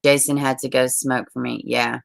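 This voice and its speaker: A woman hosts a casual livestream, reading viewer comments, swearing freely and greeting people with endearments. Her voice is very deep and creaky, level in tone, at a moderate pace.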